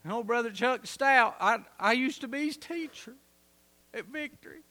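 A man preaching a sermon, telling a story and building to loud, emphatic peaks. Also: extremely high pitch, expressive, moderate pace.

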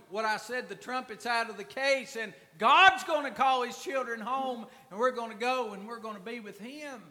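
A man preaching a sermon, swinging between hushed asides and loud, drawn-out emphasis. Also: high-pitched, vocal fry, big-room sound. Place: church.

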